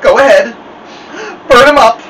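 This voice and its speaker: A small weepy girl, voiced by a man reading aloud, sniffling and begging. The voice sits way up high and jumps around. The mic is a little distant, with faint room hum. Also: very animated, unhurried, fairly bright tone, heavily acted. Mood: sobbing. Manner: sniffly pleading. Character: young girl, tearful and pleading.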